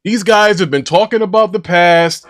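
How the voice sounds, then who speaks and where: A man's voice: high voice, normal speed, fairly bright tone, no echo. A man hosting a casual gaming podcast, ranting and trash-talking with a boastful edge. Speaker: podcast host.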